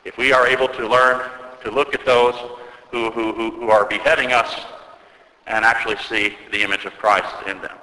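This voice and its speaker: A man's voice: fairly low pitch, level tone, sharp tone. Man preaching in an echoey church. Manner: earnest storytelling preacher, slows for emphasis. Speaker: Orthodox priest. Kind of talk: sermon. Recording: echoey church with long reverb.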